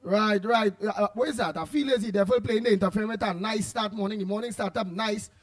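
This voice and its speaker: A Trinidadian man hosting a morning radio show, rambling playfully with bursts of loud greetings. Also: sits high, steady tone, brisk, no room sound, studio quality. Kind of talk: casual call-in radio chat.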